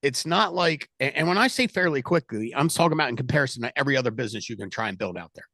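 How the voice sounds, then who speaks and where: A man's voice: medium pitch, animated, racing, fairly bright tone, no echo, clean studio sound. A man leading a sales team call, giving a direct, motivational pep talk to his agents over a video call.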